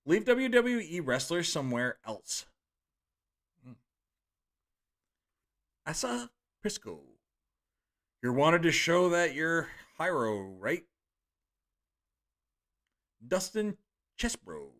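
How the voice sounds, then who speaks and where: A man in his thirties reads viewer comments on a live stream and trips over names. His voice is bright and forward, and his pitch swings widely. He takes his time between lines. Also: very animated, takes it slowly, pauses often. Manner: reads out chat names and comments, stumbles over names, laughs at his own retakes.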